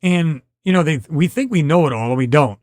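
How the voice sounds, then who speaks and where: A middle-aged man with a slightly high voice hosts a live podcast. He rambles casually, restarts sentences and talks straight to his viewers. The sound is close and dry, with no room echo. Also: a little fast, a little mellow. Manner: rambling, conversational, many restarts and fillers. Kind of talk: casual live-stream chat reading viewer comments.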